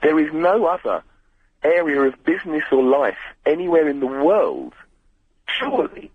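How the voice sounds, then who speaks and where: A man from Britain with a slightly croaky voice calling a radio show, explaining his case earnestly. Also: fairly high pitch, sing-song, moderate pace, no room sound. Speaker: caller. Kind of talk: phone-in chat. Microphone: telephone. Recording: lo-fi phone line.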